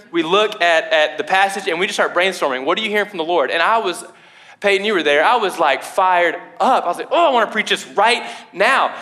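A young male pastor delivers a sermon in a loose, conversational style. His voice sits high and sounds bright and bold. He talks in an animated way and peppers his speech with fillers. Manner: casual, animated preaching with many fillers.

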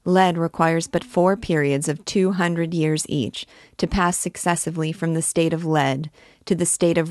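A fiery, proud archdeacon holds forth in grand declaiming tones, as a woman reads him aloud. The voice sits low and moves slowly and deliberately, recorded close and dry with no room sound. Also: no echo. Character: fiery, proud male archdeacon alchemist, middle-aged.

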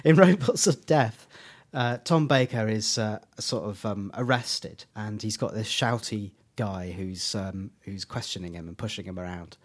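A man's voice: fairly low pitch, measured pace, few pauses. A man co-hosting a casual fan podcast, animatedly recounting favourite quotes and slipping into voices. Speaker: podcast co-host.

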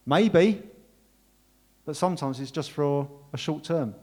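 Earnest pastor, slightly high voice. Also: male voice, slow. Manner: earnest, warm, emotional thanks. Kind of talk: sermon and closing prayer.

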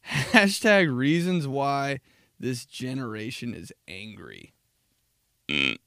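A man's voice: medium pitch, very animated, slow, gravelly, sharp tone, clean tone, no room sound. A man in his twenties hosting a podcast, riffing in a casual comedic monologue, swearing freely and laughing at his own jokes. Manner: profane, laughs at his own jokes, jumps into mocking voices. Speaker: podcast host.

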